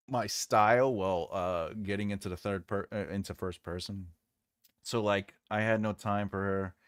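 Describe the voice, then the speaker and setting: A man hosting a casual writing livestream, jokey and rambling, muttering softly to himself while he drafts. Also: on the low side, clear, resonant tone, dry recording, clean studio sound. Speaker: writer and livestream host.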